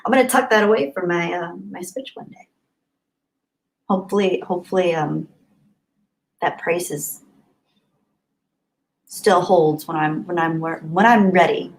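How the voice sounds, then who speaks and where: A woman's voice: on the low side, a little slow, pauses often, poor audio. A woman hosting a casual live stream, reading viewer comments aloud and chatting back, laughing often and sometimes dropping to near whispers.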